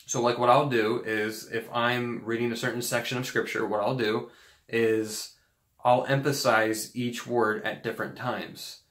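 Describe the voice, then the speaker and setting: A man's voice: medium pitch, fairly bright tone, echoey room. A man giving an earnest, casual teaching talk on faith, rambling a bit with fillers and restarts. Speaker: Christian video host.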